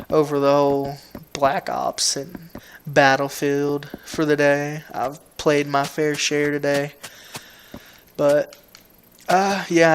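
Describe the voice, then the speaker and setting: A man with a Southern US accent and a fairly high voice hosts a gaming video, rambling through laid-back commentary into a home computer mic. He repeats words and restarts sentences, with a bit of hiss or hum in the background.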